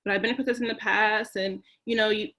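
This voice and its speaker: A woman taking part in a panel discussion over a video call, her voice mid-pitched. She speaks earnestly and with feeling, circling back to repeat her phrases. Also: fairly even intonation, quick pace, bright, forceful tone.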